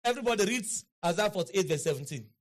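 A man preaching a sermon in an auditorium, leading the crowd in call-and-response and building to shouts and chants. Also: high voice, animated, quick pace. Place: large auditorium.

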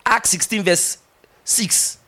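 A middle-aged man preaches with a high, lively voice. He drives his points with emphatic, teasing energy and slips into acted-out dialogue. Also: slow pace. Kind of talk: sermon.

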